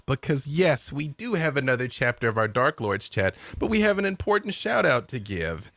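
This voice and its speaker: Rich: A man running a tabletop game, narrating in a relaxed, chatty way. His delivery is loose, full of little fillers. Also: mid-range voice, normal speed, hardly any pauses, no room sound. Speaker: dungeon master.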